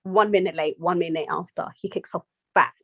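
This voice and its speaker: Young mum guest, animated anecdotes, dry muffled podcast mic. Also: female voice, fairly low pitch, a little fast, no echo. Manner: animated storytelling, quoting herself. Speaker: podcast guest, nurse and mother of two. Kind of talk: casual chat.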